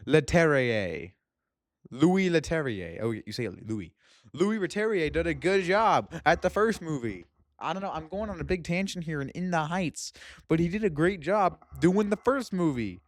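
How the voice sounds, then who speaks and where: A man's voice: fairly high pitch, animated, moderate pace, no echo. Rambling young man, dry close mic. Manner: rambling, laughing, self-interrupting. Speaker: movie review youtuber. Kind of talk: casual chat.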